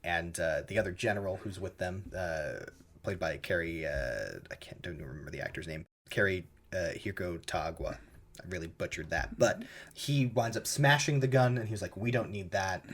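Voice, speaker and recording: A man's voice: deep voice, lively intonation, normal speed, a bit bright. A man casually recapping a movie scene by scene on a podcast, tossing in loose quoted lines. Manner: retells scenes with loose, offhand voiced quotes. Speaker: podcast co-host.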